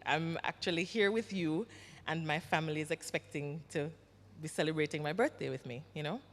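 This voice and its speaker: A woman from Jamaica with a Jamaican accent, an actress answering questions at a symposium, telling her story with lively acted-out quotes. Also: sits low, brisk. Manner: animated storyteller, acts out quoted voices. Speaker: actress and guest speaker. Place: symposium hall. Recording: reverberant hall.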